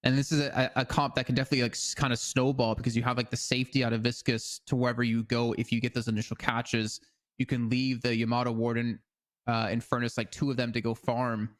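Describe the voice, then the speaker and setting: A man co-casts an esports match in a loose, chatty way, hedging often as he weighs each pick. His voice sits in an ordinary middle pitch. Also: flat delivery, quick pace. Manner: casual, hedging with fillers like "I mean". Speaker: esports co-caster. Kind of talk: esports analysis commentary.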